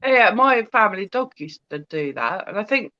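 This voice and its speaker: Woman host, lively pitch swings, giggly storyteller, dull dry video-call audio. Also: moderate pace, dry recording. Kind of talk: casual chat over video call.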